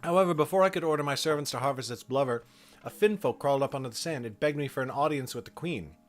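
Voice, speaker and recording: A man voicing a greedy, scheming male patrician noble in a game, reading in a brisk, wheedling courtly way. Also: mid-range voice, faint music behind, lightly acted.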